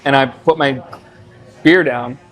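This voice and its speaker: Halting Midwestern brewery owner. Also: male voice, medium pitch, steady tone, faint music behind. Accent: American Midwest. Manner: halting, many fillers and restarts. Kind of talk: casual conversational storytelling.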